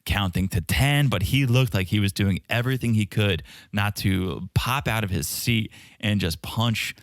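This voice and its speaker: Low-voiced man recapping on a podcast. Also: moderate pace, dry recording, clean studio sound. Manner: animated, acts out cast members' lines in quotes. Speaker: podcast co-host. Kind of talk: casual recap chat.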